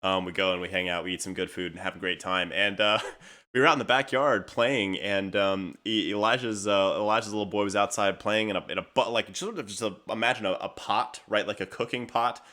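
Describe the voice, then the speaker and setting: A male podcast co-host with a fairly low, brisk voice chats casually and spins animated stories, laughing frequently as he goes.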